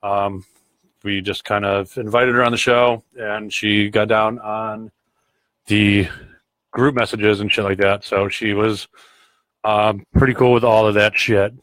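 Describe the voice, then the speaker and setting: A man's voice: lowish voice, level tone, a little slow, dry recording, poor audio. A man hosting a podcast who tells stories in casual chat, swearing constantly and rambling bluntly. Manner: grows loud and heated when retelling arguments. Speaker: podcast host.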